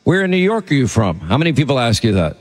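Male talk radio host, brisk and chatty, some reverb. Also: medium pitch, very animated, soft background music.

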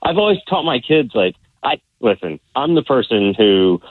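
A man's voice: medium pitch, big pitch swings, dry recording. Caller, a man in his forties, cheerful and stop-start, heard over a phone line. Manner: upbeat, laughing, halting. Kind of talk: phone call-in chat.

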